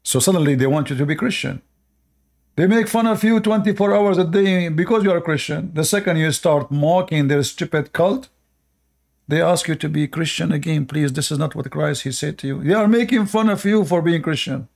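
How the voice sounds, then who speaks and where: A man with a somewhat high voice delivers preachy reaction commentary, indignant and scolding. He speaks English with non-native grammar and keeps asking his listeners whether they agree. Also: moderate pace, a little mellow. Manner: indignant, preachy, asks the audience rhetorical questions. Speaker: online religious commentator.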